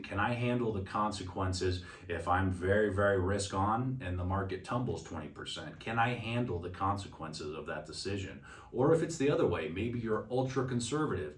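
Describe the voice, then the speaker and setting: Low-voiced man telling stories in a roomy space. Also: fairly bright tone, distant mic. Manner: conversational storytelling with restarts. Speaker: financial advisor. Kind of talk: casual market commentary.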